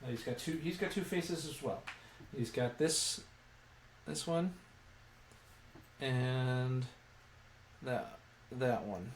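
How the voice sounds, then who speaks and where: A man's voice: medium pitch, slow, pauses often. A man casually talking through a toy set build, thinking aloud and rambling with lots of fillers and restarts, recorded indoors. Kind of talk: casual live build commentary. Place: indoor room. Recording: echoey room, mic at a distance, faint hum.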